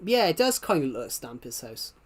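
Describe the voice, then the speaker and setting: A man's voice: fairly high pitch, big pitch swings, a little fast. A British man chats loosely while streaming a game, circling back and repeating himself as he talks. His mic sits a little away behind his laptop, so he sounds a touch distant. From Britain. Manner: rambling, repeats himself often. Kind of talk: casual gaming stream chat. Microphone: mic a bit away behind a laptop.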